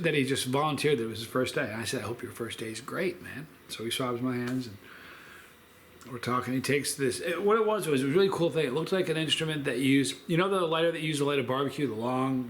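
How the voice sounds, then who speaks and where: A man's voice: mid-range voice, a bit bright, slight background noise. A man hosting a food review vlog, telling a long story in a rambling, chatty way with lots of fillers.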